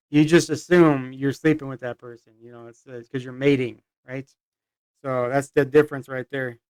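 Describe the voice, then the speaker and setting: A man's voice: mid-range voice, fairly even intonation, moderate pace, clean tone, no room sound. A man from the United States making casual reaction comments, rambling and chuckling. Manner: rambling, full of fillers, chuckling. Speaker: reaction video host.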